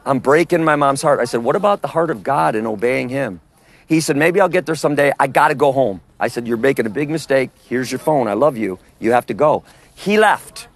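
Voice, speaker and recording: A man's voice: medium pitch, fairly quick. A man preaching in the open air, telling stories emphatically and acting out the dialogue. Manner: storytelling, emphatic, quotes others in dialogue. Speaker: street preacher.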